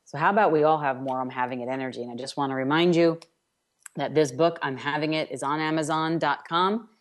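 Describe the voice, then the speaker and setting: Emphatic low-voiced woman radio host. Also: fairly quick. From New York. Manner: emphatic, incantatory repetitions. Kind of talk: self-help radio monologue.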